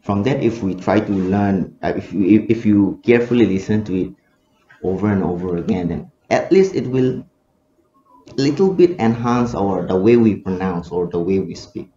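A research scholar with a Manipuri English accent answers in a seminar discussion, hesitating often with fillers and restarts. His low voice has lively intonation, a warm tone and normal speed. The echoey room gives a dull, lo-fi sound with slight background noise.

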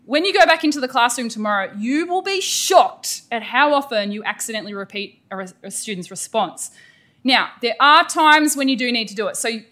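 Bright, emphatic Australian woman teaching. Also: fairly high pitch, a little fast. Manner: energetic and emphatic, with exclamations. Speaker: teacher educator presenting a workshop. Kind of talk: professional development lecture.

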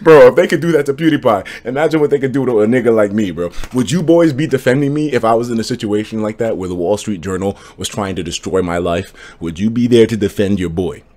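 A man's voice: fairly low pitch, fast talker, hardly any pauses. A young man streaming live, ranting with lots of swearing and reading out chat messages. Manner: animated, profane, ranting. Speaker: livestreamer. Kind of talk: casual livestream rant and chat reading.

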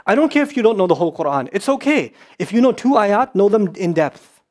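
High-voiced man giving a fervent lecture. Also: sing-song. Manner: impassioned, rising to scolding; quick, emphatic repetitions. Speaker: Islamic speaker. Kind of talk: lecture to an audience.

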